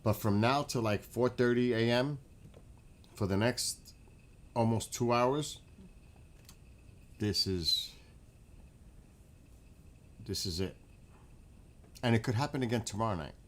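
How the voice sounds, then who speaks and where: A New York man hosts a relaxed late-night livestream outside his house, chatting and rambling with viewers. He speaks at a medium pitch, taking his time and pausing often.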